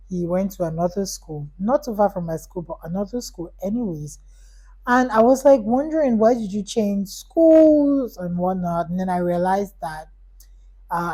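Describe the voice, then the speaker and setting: A woman's voice: fairly low pitch, rough recording. A young adult woman telling a personal story on her vlog, rambling with lots of "like"s and acting out the dialogue. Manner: animated, rambling, many "like"s, acts out dialogue. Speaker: vlogger.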